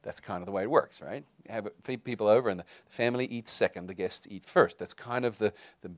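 Middle-aged male pastor, sermon delivery, conversational and halting, low voice, dry recording. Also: no echo. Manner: conversational, with frequent fillers and restarts.

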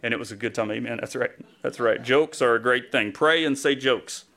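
A man's voice: medium pitch, a little fast, gravelly, sharp tone. A male pastor giving a conversational sermon, telling a story with self-deprecating humor and a casual delivery full of fillers.

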